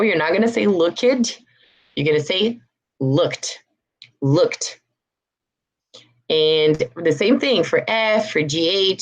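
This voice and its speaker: Slow, low-voiced Brazilian woman teaching English. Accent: Brazilian Portuguese. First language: Portuguese. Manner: patient, repeats words slowly for practice. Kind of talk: online pronunciation lesson.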